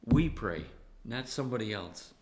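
A man preaching a sermon in an animated way, laughing often and at times rising to near-yelling. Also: medium pitch, normal speed.

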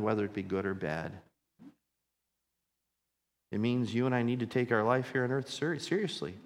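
A man's voice: medium pitch, moderate pace, pauses often, big-room sound. A man preaching a sermon as pastor, earnest and repeating phrases for emphasis as his intensity builds.

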